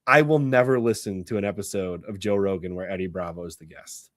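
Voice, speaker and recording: A man's voice: deep voice, a little fast, no room sound, studio quality. A man hosting a podcast in casual chat. He laughs often and restarts his sentences. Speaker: podcast host.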